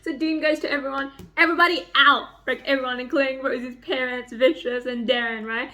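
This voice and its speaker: A young woman vlogging at home about a book she is reading, reading passages aloud and reacting with excited squeals and swearing. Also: brisk, hardly any pauses, a little hiss or hum. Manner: gushing and excitable, swings into high squeals and swearing. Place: home, near a microwave.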